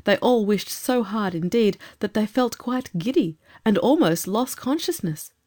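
A woman reading a storybook aloud as narrator, measured and expressive. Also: medium pitch. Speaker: audiobook narrator.

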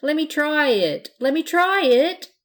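A woman's voice: high-pitched, sing-song, a little slow, fairly bright tone, voice pushed up, full character voice. A woman voicing a small, pushy boy dressed as a pirate, begging insistently. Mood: pleading. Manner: whiny, insistent.

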